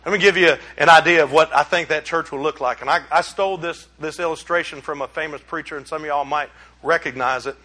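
A middle-aged pastor, preaching a sermon in a folksy, emphatic way that climbs into exclamations. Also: male voice, fairly high pitch, fast, pushed and bright.

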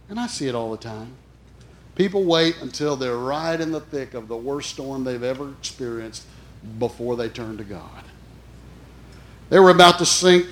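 Middle-aged male chaplain preaching, emphatic, dynamic swings, slightly high pitch. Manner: emphatic, swings between loud and soft. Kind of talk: sermon.

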